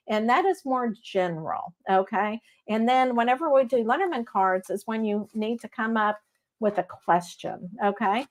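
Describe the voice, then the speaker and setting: Chatty Texan woman giving live psychic readings. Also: fairly high pitch. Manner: chatty, warm-hearted, frequent "okay?" check-ins. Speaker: psychic medium host. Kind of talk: casual live-stream reading.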